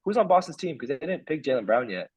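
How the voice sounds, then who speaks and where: A young man in casual sports debate as podcast co-host, excitable and quick to argue his picks. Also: medium pitch, husky, dry recording.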